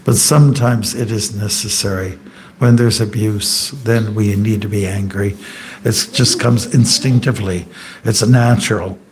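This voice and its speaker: A monk giving an informal scripture class in a temple hall, telling anecdotes, joking and quizzing the audience. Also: male voice, fairly low pitch, fairly even intonation, measured pace. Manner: chatty and joking, asks the audience questions.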